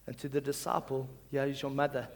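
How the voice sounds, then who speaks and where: A male pastor reading scripture and preaching, swinging between loud calls and hushed reading and leading the congregation to repeat after him. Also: mid-range voice, monotone, fairly quick. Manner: leads the congregation in call-and-response.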